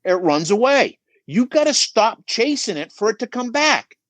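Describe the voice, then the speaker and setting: A man's voice: sits high, very animated, moderate pace, a bit bright, no echo. A middle-aged man giving emphatic coaching advice on a podcast, often checking in with "right?". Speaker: business coach guest.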